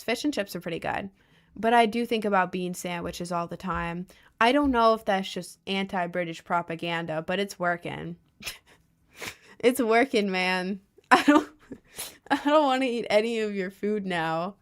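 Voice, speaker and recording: A young American woman chatting casually on a live stream, answering chat with sarcastic jokes and frequent laughter. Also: mid-range voice. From United States. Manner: joking, sarcastic, laughs often.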